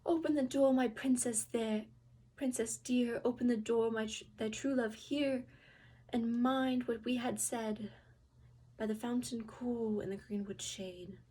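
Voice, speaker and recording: A woman's voice: a little high, steady tone, a little slow, dark tone, slightly rough. A woman voicing a polite male frog who speaks in formal, old-fashioned words. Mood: chanting.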